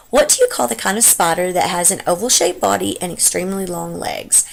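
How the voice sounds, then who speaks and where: Gravelly-voiced Texan woman chatting. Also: mid-range voice, brisk, a little hiss or hum. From Texas. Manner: rambling and unsure, with many ums and trailing asides. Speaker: vlogger. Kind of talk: casual dialect-tag chat.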